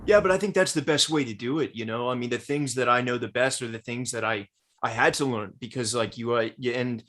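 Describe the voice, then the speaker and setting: A man at a mid pitch, hosting a casual interview. He is eager and supportive, and his questions come out with stumbling restarts and repeated words. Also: brisk, fairly bright tone. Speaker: podcast host.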